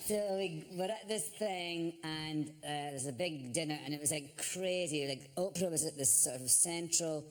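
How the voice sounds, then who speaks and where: A woman's voice: deep voice, normal speed, hardly any pauses. A woman, a talk show guest, telling an anecdote in a chatty, self-mocking way with lots of fillers and restarts. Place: television studio with live audience. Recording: studio audience laughter.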